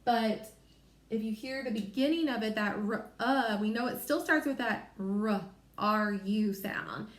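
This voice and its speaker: A woman teacher takes a young class through a phonics lesson, stretching out each sound so the children can follow. Her voice sits a little high, and she talks at a very slow, careful pace. The room around her is echoey. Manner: slow, sounding out letters and word parts.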